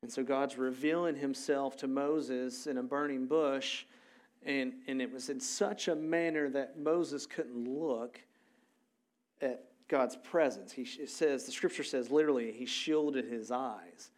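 A male pastor giving a sermon in a casual, animated storytelling way with frequent fillers. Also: medium pitch, unhurried.

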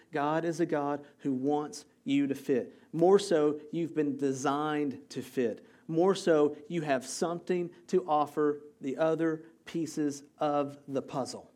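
A male pastor preaching a sermon, energetic and repeating key phrases for emphasis. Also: fairly high pitch, measured pace, hardly any pauses.

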